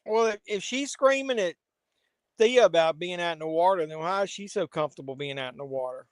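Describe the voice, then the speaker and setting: Man, host, casual watch-along commentary, wry jokes, smooth clear voice, dry close mic. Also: high-pitched, a little fast, dry recording. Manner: wry, joking asides, chatty.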